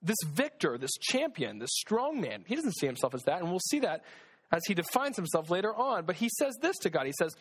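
A man's voice: high voice, very animated, brisk, husky. A man giving a casual, conversational sermon, reading scripture and acting out the voices of its figures. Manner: conversational, acts out voices of God and Gideon. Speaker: preacher.

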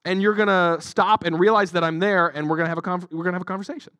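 An exasperated God giving warnings in laid-back slang, as a preacher puts him on. The voice is high and dry, with no echo. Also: male voice, fairly even intonation, very fast, sharp tone. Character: exasperated deity speaking casually.

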